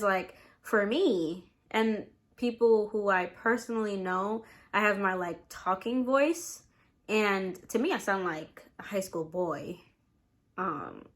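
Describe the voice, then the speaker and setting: A young woman in college, chatting casually to camera as a vlogger while eating, relaxed and rambling with many fillers. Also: mid-range voice, takes it slowly. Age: young adult. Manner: relaxed, rambling, lots of "like" and "you know".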